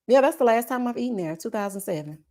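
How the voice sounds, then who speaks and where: A woman hosts a casual livestream. Her voice sits a little high, and she reads out viewer comments with lively, drawn-out asides and loud laughs. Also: a little hiss or hum. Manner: animated, laughs loudly, drawn-out "child" and "honey" asides. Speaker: livestream host.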